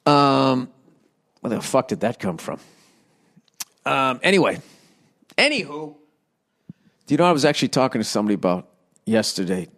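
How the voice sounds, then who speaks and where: A man's voice: mid-range voice, very animated, normal speed, pauses often, a bit bright. A middle-aged man hosting a podcast, ranting in a profane, rambling comedic monologue into a studio microphone and slipping into silly voices. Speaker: podcast host. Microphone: studio microphone with windscreen.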